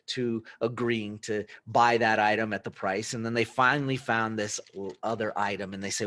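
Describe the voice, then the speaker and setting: A man hosting a talk show, casually retelling a story and acting out the haggling back and forth with lively asides. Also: on the low side, dry recording. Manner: animated storytelling, acts out buyer and seller dialogue; frequent fillers and restarts, conversational asides. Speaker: podcast host.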